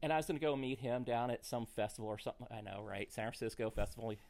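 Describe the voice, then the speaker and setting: A middle-aged man spins a comic story for a podcast, lively and quick to laugh at his own punchlines. His voice sits at an ordinary middle pitch, unhurried in the setup and livelier as the story builds. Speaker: comedian guest.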